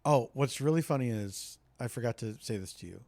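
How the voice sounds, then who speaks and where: A man co-hosts a home podcast with a mid-pitched voice. His pitch rises and falls a lot as he makes wry, dry remarks. The recording is close and dry. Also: lively intonation, a little fast, darkish tone, no echo. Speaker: podcast co-host. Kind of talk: casual chat. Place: home, indoors.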